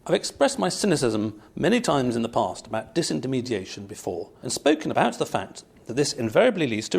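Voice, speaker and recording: A male podcast host with a gravelly edge to his voice, delivering a wry scripted opening before drifting into discursive, musing chat. He talks at a middling pitch and takes his time to turn ideas over. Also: darkish tone. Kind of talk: scripted intro then casual interview chat. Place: meeting room in London.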